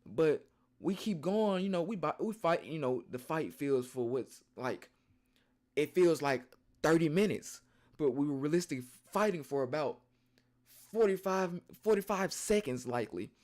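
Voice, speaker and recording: Young man, streamer, casual slang, rambling storytelling, animated. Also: on the high side, normal speed.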